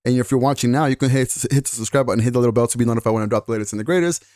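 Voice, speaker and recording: A man's voice: medium pitch, racing, a little mellow, no room sound. Chatty young man vlogging, dry sound. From United States. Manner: rambling, searches for words, chatty asides. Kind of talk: casual vlog talk.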